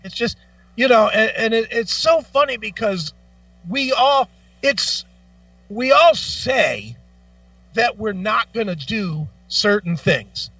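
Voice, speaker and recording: A man co-hosting a radio talk show, telling stories with lots of profanity in a lively, animated way. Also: sits high, slow, no room sound, distant mic, dull audio, soft background music. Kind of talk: casual chat. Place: radio studio.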